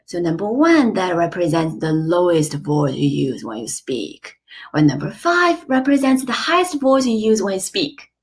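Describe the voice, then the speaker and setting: A woman teaching an online lesson, slow and clear, with playful examples. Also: lowish voice, very animated. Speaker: Chinese teacher.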